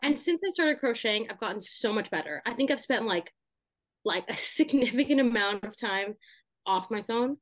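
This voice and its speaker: A young woman on a podcast talks through her thoughts in a loose, chatty way, full of asides and filler words. Her voice sits a bit high, and the recording is dry and close. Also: expressive, moderate pace, no echo. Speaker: podcast co-host. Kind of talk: casual chat.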